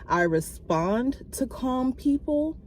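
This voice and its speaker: A woman vlogger telling a personal story to camera in a casual, animated way, acting out quoted exchanges. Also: slow pace, a little hiss or hum. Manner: animated, acts out quoted exchanges with big pitch jumps; many fillers and restarts, talks to viewers directly.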